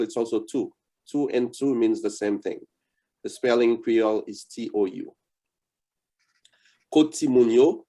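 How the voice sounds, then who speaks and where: This Haitian language instructor runs an interactive lesson online via video call. He speaks at medium pitch with a dark tone, coaching patiently and saying words slowly more than once.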